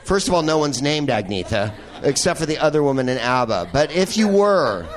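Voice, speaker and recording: A podcast host records live before an audience in an old movie theater, riffing on a film with profane asides and laughter. His voice is a little high, very animated and brisk.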